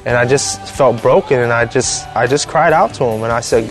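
Man, young adult, personal testimony, earnest, halting delivery, faint background music. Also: medium pitch. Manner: earnest, halting, emotional storytelling.

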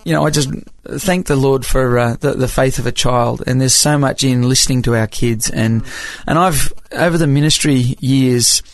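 A man's voice: medium pitch, moderate pace, hardly any pauses. Australian man with American-tinged accent. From Papua New Guinea. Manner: chatty, hesitant restarts, laughs while telling. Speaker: music evangelist. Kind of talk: storytelling interview.

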